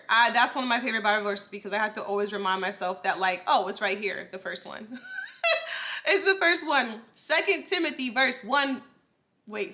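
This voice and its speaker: A woman's voice: a little high, pushed and bright. A young adult woman hosting her own podcast, talking casually and encouragingly straight to her listeners, with frequent restarts and asides. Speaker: podcast host. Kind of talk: casual solo podcast talk.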